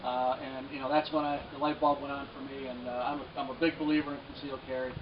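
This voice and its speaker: A man's voice: mid-range voice, little pitch movement, fast talker, noisy background. Male candidate, earnest stump speech, distant dull outdoor recording. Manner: earnest, plain-spoken, many fillers. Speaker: state senate candidate. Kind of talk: outdoor campaign rally speech. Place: outdoors at a rally.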